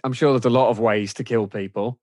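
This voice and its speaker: A man on a film podcast panel, speaking in a measured, thoughtful way with some hesitation. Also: medium pitch, steady tone, darkish tone, no room sound. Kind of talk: casual film discussion.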